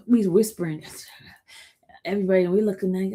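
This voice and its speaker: A woman hosts a casual live stream and talks straight to her viewers. She tells the story in a chatty, animated way and keeps calling them y'all. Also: mid-range voice, measured pace. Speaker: show host recapping a trial.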